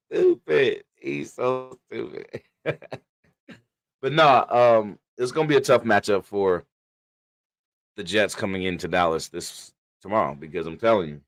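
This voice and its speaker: A man hosting a sports podcast in casual chat, animated, laughing often and trash-talking rivals. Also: low-pitched, moderate pace, long pauses, no echo. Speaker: podcast host.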